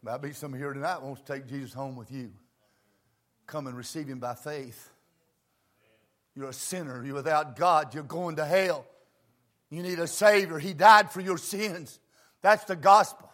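A man preaching a homespun storytelling sermon in plain words, dropping to low murmurs and rising to fervent shouts. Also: moderate pace, pauses often. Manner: plain homespun phrasing with many asides.

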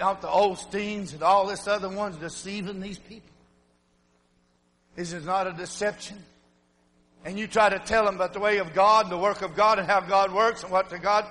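An older pastor delivers a fiery sermon in a high, ringing voice. He slips between folksy, storytelling talk and loud, shouting preaching. His voice hangs in the long reverb of a church sanctuary. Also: fairly even intonation, moderate pace.

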